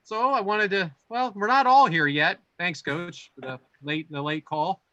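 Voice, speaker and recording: A middle-aged man co-hosting a podcast, telling a casual story with animated build-ups and voiced quotes. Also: sits high, a little slow, dry recording, muffled recording. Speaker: podcast co-host.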